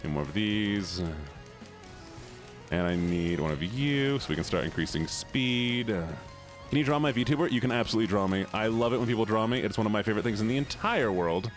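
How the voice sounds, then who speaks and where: A man live-streaming a game, chatting casually with his viewers, greeting them by name and reacting loudly to the game. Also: fairly low pitch, lively intonation, fairly quick, soft background music. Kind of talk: casual live-stream chat while gaming.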